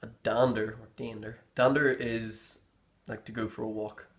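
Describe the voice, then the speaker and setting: A man's voice: on the low side, level tone, normal speed. Easygoing Northern Irish young man. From Northern Ireland. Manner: rambling and easygoing, searching for words. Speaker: interviewee explaining local slang. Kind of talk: casual explanation.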